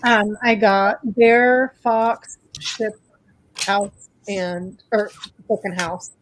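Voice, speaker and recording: A woman's voice: mid-range voice, very slow, poor audio. A woman co-hosting a live stream, reading her cards hesitantly with many fillers. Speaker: card reader, co-host. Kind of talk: casual live-stream chat.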